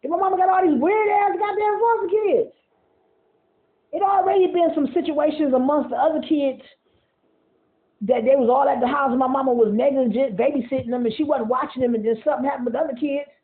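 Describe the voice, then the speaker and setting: A man's voice: very high voice, a little fast. A man ranting in a casual monologue, profane and rambling, often repeating himself and laughing between points. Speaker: vlogger. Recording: tinny phone-like audio.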